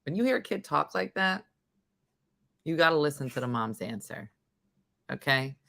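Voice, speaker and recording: Lady morning show host in casual chat, kinda low voice but bright, acts out everyone in her story. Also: animated, normal speed, gravelly.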